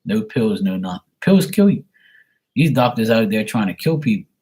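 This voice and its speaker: A man's voice: fairly low pitch, big pitch swings, moderate pace, warm tone, husky. A man in his forties chatting casually on a live stream, telling stories in a profane, ranting way and greeting viewers. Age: 40s. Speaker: live tarot reader.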